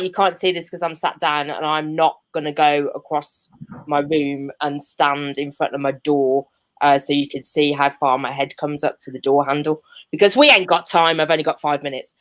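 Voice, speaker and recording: Woman, Birmingham accent, young adult, lowish voice, chatty rambling stand-up, video call from home. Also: fairly even intonation, moderate pace. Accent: Birmingham English. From Birmingham, England. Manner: chatty and rambling, with many ums and self-mocking laughs. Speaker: stand-up comedian. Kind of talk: online stand-up set. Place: seated at home.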